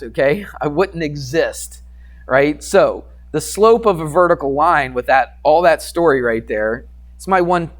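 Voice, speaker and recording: A male math teacher telling a classroom story in a lively lecture, acting out quoted voices and sound effects for his students. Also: on the high side.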